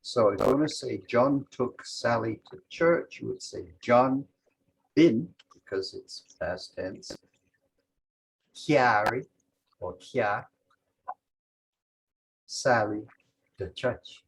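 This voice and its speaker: A man's voice: mid-range voice, takes it slowly, gravelly, long pauses, a little hiss or hum, rough recording. A man teaching a language lesson over a video call, methodically walking through example sentences step by step.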